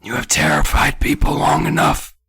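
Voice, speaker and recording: A man voicing a creepy old man in a strained, loud whisper, reading from a kids' book. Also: mid-range voice, sing-song, moderate pace, vocal fry, slightly rough, no room sound, pitched above the performer's own voice, heavily acted. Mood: menacing.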